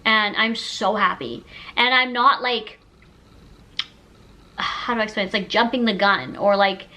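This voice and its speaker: A woman of roughly thirty, a YouTuber, speaks at medium pitch and a slightly slow pace with a sharp tone. Her casual sit-down chat to the camera is emotional and gushing, heavy on "like," and captured in low-quality audio.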